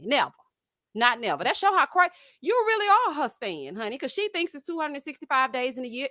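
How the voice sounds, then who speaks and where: A woman's voice: a little high, pushed and bright, no echo, clean studio sound. Sassy Southern woman with a twang. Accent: Southern US, Texas. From Houston, Texas. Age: around 40. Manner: sassy, dramatic, calls listeners honey and child. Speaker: YouTube commentary host. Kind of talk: animated casual rant.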